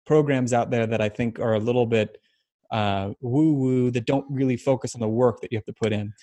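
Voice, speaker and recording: A man's voice: medium pitch, fairly even intonation, mellow, no room sound. Thoughtful man explaining on a podcast. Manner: thoughtful, explanatory, halting with fillers. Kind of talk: casual podcast chat.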